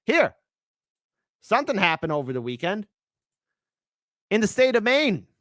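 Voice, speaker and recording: A higher-pitched man whose voice swings up and down as he reads news aloud and mocks it with sarcastic asides. The sound is dry and close, with no room around it. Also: big pitch swings, a little slow, fairly bright tone, no echo. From United States. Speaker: political commentary host. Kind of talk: livestream news commentary.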